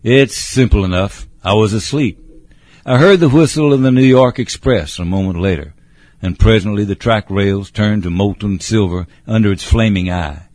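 A man narrating a story in a measured, descriptive way. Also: fairly low pitch, darkish tone, no room sound. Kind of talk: storybook reading.

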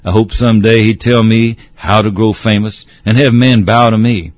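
A man narrating a storybook in a measured, old-fashioned way, addressing a listener as sir. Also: lowish voice, steady tone, no room sound.

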